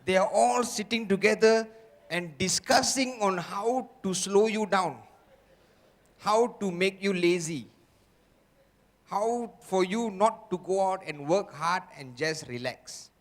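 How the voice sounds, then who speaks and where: A male motivational speaker addresses a live audience in a large seminar hall and keeps repeating rhetorical questions to draw them in. His voice sits high, and he speaks slowly and deliberately. Long reverb hangs after each line. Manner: repetitive rhetorical questions to the crowd.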